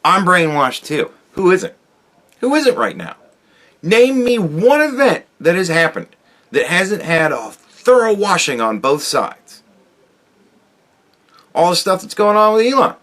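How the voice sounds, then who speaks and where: A man's voice: high-pitched, sing-song, unhurried, pauses often, a bit bright. A man in his forties, a YouTube commentator ranting sarcastically with heavy profanity straight at the viewer. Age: 40s.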